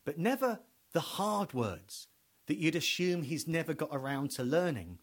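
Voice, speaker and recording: Animated man in a wry comic monologue. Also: on the high side, normal speed. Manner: wry, digressive, acts out voices. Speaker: comedian.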